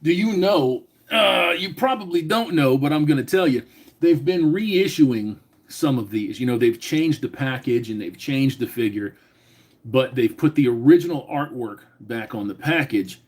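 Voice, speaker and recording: A man's voice: mid-range voice, animated, moderate pace. A man in his forties hosting a casual live stream, talking loosely with lots of swearing and reading out names from the chat. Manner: profane, rambling, reads chat names aloud. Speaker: livestream host.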